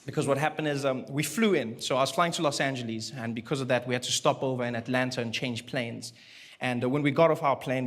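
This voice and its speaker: A man from doing a stand-up comedy routine, telling stories animatedly and acting out voices, recorded in a noisy live venue. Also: medium pitch. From South Africa.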